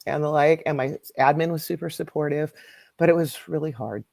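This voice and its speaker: A woman's voice: sits low, brisk, gravelly, darkish tone, dry recording, studio quality. A woman who is a music educator, a podcast guest telling candid, self-mocking stories in casual conversation.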